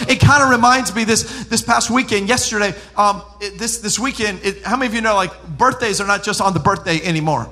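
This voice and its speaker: Man preaching a sermon, very high voice, bright and forceful tone, animated, loud one moment and hushed the next. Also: fast talker. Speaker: pastor.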